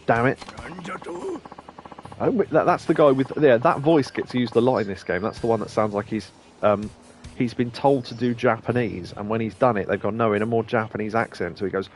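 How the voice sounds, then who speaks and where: A young let's play streamer reads the game's text aloud, laughing and rambling between lines. He talks fairly quickly at a medium pitch, and game music is faintly audible.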